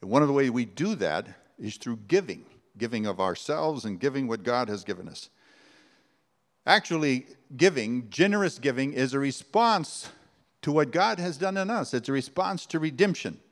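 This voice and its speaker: A man's voice: mid-range voice, big pitch swings, moderate pace. A man preaching a sermon, earnest and conversational, with rhetorical questions. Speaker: pastor. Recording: long hall reverb.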